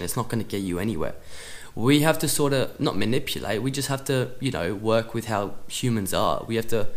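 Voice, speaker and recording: A man hosting a soccer podcast, giving direct motivational advice and acting out short conversations with a coach. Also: on the low side. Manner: direct, coaching tone, acts out dialogue.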